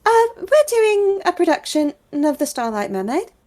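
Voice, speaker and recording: A woman voicing a polite, soft-spoken male companion who talks with small hesitations. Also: very high-pitched, sing-song, moderate pace, pitched above the performer's own voice.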